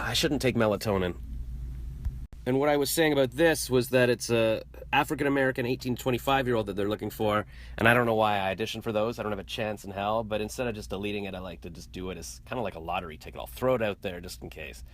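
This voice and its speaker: A man's voice: lowish voice, fast, a bit bright. A man chatting casually into his phone for a vlog, rambling and poking fun at himself as he goes about his day. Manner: rambling, self-deprecating. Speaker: vlogger. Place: out and about in a city.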